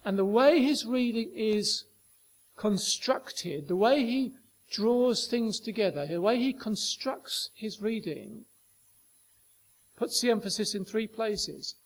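A man with a notably high voice delivers a sermon. He talks emphatically, repeating phrases for weight and putting questions straight to his listeners. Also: expressive, takes it slowly. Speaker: preacher.

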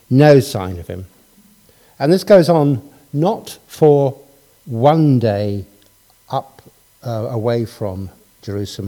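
A man's voice: mid-range voice, mellow. A middle-aged man preaching a sermon, telling a family story and asking his congregation rhetorical questions in a conversational way.

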